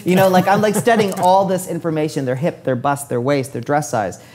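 A man's voice: on the high side, brisk, a little hiss or hum. A man in his forties, a hair stylist telling his career story in a casual interview, acting out what people said along the way. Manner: lively storyteller who acts out quoted dialogue.

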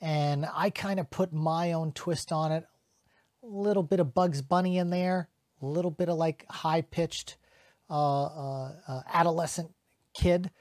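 A middle-aged man who is a voice actor, chatting casually to camera in an animated way and slipping into quick character voices. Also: a little high, no echo, clean studio sound.

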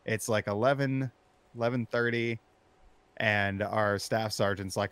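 Brief: casual man, low voice, swears freely, animated storyteller who turns loud. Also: a little slow, clear, resonant tone. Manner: animated, profane, rising to shouting when recounting anger. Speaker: storyteller in interview.

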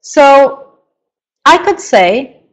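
A middle-aged woman coaching parents in a webinar lecture, explaining slowly and deliberately, with emphatic stresses. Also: sits high, lively intonation, highs cut off.

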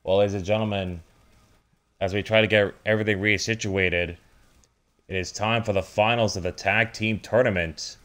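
A man giving excited play-by-play commentary over a wrestling video game, breaking into startled exclamations and stumbling over restarts. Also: lowish voice, moderate pace.

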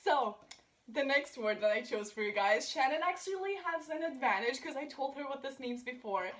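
A woman's voice: high-pitched, expressive, moderate pace, fairly bright tone. A young woman hosting a casual vlog, patiently correcting pronunciation and giggling often. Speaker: host teaching German words. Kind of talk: casual chat.

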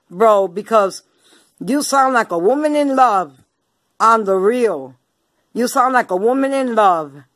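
A woman's voice: high voice, a bit bright, dry recording. A woman ranting at her viewers in a confrontational, taunting way, full of swearing, slang and repeated lines. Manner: slang-heavy street talk. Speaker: vlogger. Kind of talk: angry rant to viewers.

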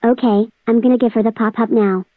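A woman's voice: on the high side, steady tone, brisk, no room sound, lightly acted. A synthetic female text-to-speech voice playing a gloating villain who spreads a spammy operating system, taunting and threatening. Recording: dry tinny phone-like audio.

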